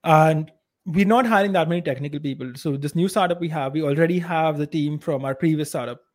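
Blunt Indian-accented man, slightly high voice. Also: a little fast. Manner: blunt, opinionated, uneven loudness. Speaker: podcast co-host. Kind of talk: casual podcast chat.

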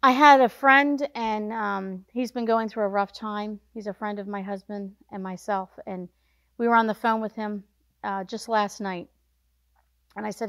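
A woman's voice: medium pitch, normal speed, fairly bright tone, dry recording. A woman hosting a devotional podcast, speaking earnestly and urging listeners with repeated short commands. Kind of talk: devotional talk.

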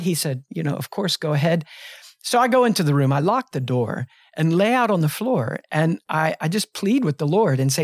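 A man's voice: fairly high pitch, lively intonation, normal speed, dry recording, studio quality. A man in his fifties, a pastor, talking on a podcast in an earnest, reflective way with frequent restarts. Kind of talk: podcast conversation, telling a personal story. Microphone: close studio mic.

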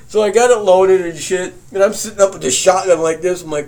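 A man casually telling a profane campfire story, animated and often laughing as he recounts it. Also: high-pitched, brisk, creaky, few pauses.

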